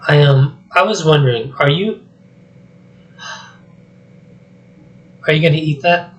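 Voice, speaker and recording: A man voicing a grumpy, awkward male ogre while reading a script aloud, halting and mumbling. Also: on the high side, dull audio. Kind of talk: solo script reading with voices.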